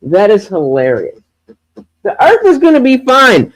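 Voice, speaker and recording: A man hosting a livestream, reacting to a debate with mocking, profane commentary that swings from low muttering to loud outbursts. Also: huge pitch swings, a little slow, no room sound.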